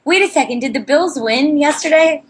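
A woman co-hosting a podcast, chatting casually and candidly, swearing freely. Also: high voice. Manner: candid, swears, quick to laugh. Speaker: podcast co-host.

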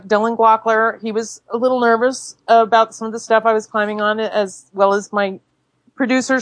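A woman actor telling stories in a casual interview, animated and laughing easily, with many fillers and restarts. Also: fairly high pitch, dry recording. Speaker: actor and filmmaker guest.

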